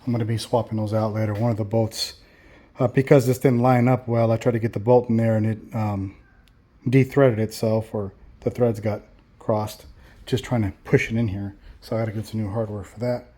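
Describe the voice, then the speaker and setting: Laid-back male host, low and mellow, rambling through a hands-on review. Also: little pitch movement, moderate pace, dry recording. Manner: rambling, with frequent 'um' and restarts. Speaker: channel host reviewing a bumper install. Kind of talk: casual install walkthrough and review.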